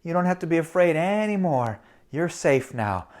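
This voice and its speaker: A man voicing a mother who gently soothes her hurt son. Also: fairly high pitch, sing-song, normal speed, voice pushed down. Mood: soothing. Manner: soft, soothing.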